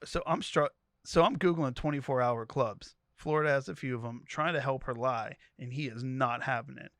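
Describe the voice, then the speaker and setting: A man co-hosting a podcast, retelling a wild story in an animated, comedic way. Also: mid-range voice, moderate pace, no room sound, studio quality. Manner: animated storytelling, voicing each character. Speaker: podcast co-host. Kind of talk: comedic dramatic reading of a story.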